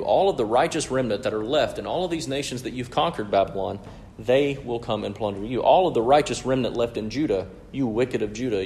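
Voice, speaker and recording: A man's voice: mid-range voice, a little mellow, slight background noise. A man preaching an expository sermon in an emphatic, explanatory way, often checking in with "right?".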